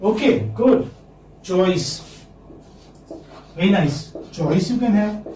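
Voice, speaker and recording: High-voiced man teaching slowly in a classroom. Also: animated, warm tone, recorded from a distance. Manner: slow, repeats words for students to copy. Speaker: English phonetics teacher. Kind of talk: classroom lecture. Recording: echoey classroom, speaker off-mic, faint noise.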